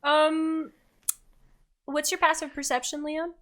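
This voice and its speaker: A woman narrating as game master of a tabletop role-playing game, setting scenes briskly. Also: high-pitched, little pitch movement, a bit bright.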